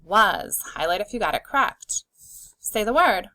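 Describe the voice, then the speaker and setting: A woman teaching a phonics lesson to young children, sounding out words slowly and clearly and encouraging them. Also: medium pitch, very animated, sharp tone, dry recording.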